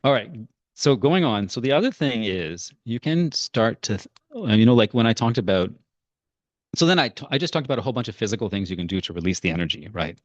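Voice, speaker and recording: A man's voice: lowish voice, lively intonation, fast talker, no echo, dull audio. A man presenting a parenting workshop in a casual, chatty way, full of fillers like "like" and "right?". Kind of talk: casual guided workshop talk.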